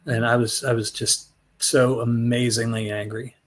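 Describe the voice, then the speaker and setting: A middle-aged man speaks as an interview guest, recounting his past frankly and without polish. He swears freely and slips into the voices of the people in his story as he quotes them. His pitch sits in an ordinary middle range for a man. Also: little pitch movement, measured pace, a little hiss or hum. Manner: blunt, profane, acts out both sides of quoted dialogue. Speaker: podcast guest, former Navy SEAL.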